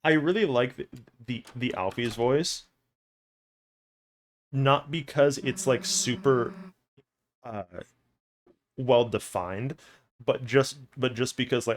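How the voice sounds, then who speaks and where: Rambling, swearing young streamer guy. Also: medium pitch. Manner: rambling, stammering, swears a lot. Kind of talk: casual chat on a live stream.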